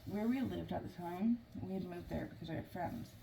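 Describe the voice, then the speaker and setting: Low-voiced woman telling a story, a bit off-mic. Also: gravelly, dark tone. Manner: halting, with many fillers and restarts. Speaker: family vlogger. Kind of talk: casual storytelling. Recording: noisy room, mic at a distance.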